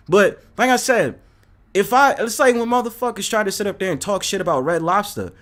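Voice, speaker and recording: A man from New City, hosting a live stream and ranting casually to his chat viewers, profane and animated. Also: sits high, a little fast. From New York City. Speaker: host.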